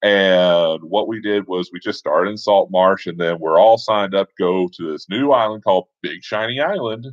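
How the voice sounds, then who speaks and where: A man casually telling a tabletop game story, with relaxed asides and fillers. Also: low voice, moderate pace, few pauses, no room sound, lo-fi sound.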